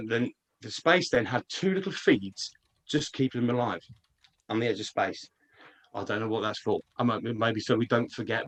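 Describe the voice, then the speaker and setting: A man spins a long, winding tale in a casual mid-pitched voice. He swears freely, stumbles over his words and restarts his sentences. It sounds like an online live stream call. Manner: rambling, swears, many restarts. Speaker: guest. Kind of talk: casual storytelling.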